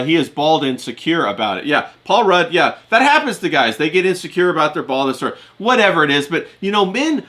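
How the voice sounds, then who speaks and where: Bright-voiced man hosting a chat stream. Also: fairly high pitch. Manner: laid-back, filler-heavy. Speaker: host. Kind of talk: casual chat, reading chat messages.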